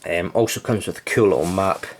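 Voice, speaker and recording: A man's voice: low-pitched, brisk, a little hiss or hum. A young man chatting casually about his book collection, rambling with lots of ums, a little out of breath from the heat. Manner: rambling, relaxed, frequent ums. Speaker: channel host. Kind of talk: casual vlog chat about his books.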